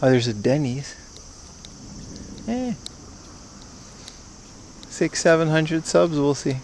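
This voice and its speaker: Young man, casual live-stream chat, wry and rambling, slightly high voice, faint outdoor hiss. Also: animated, takes it slowly, darkish tone. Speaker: livestream host. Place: outdoors on town streets.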